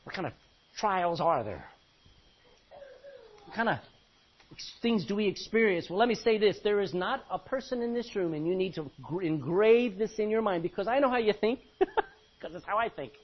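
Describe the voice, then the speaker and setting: A man preaching a sermon with animated delivery, swinging from quiet to loud. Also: high-pitched, normal speed, pauses often, slightly rough, dull audio.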